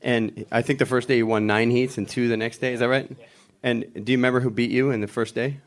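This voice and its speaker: A middle-aged man, a panel guest at a live Q&A, retelling a story with animated, chuckling delivery. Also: medium pitch, quick pace.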